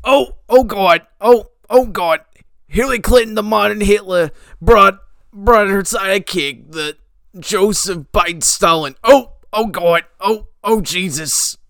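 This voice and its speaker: Man doing a panicky old man, frantic, rushed, repeating himself, fretful. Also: high-pitched, creaky, fairly bright tone, no room sound, full character voice.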